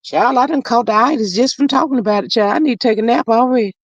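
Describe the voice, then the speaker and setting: Livestream host, woman, high voice, dry close sound, gossipy drawl, loud calls and low murmurs. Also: quick pace, no room sound, muffled recording. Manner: drawling Southern slang, says child a lot, reads comments aloud. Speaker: livestream host reading chat. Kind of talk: casual gossip livestream chat.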